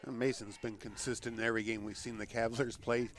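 A man giving color commentary on a football radio broadcast, relaxed and agreeable in his analysis. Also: mid-range voice, quick pace.

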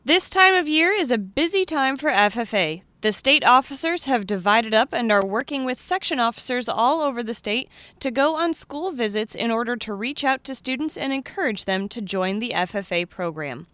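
A woman anchoring a radio farm news program, reading the stories in a steady, measured way. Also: on the high side, dry recording. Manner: steady, measured newsreader delivery.

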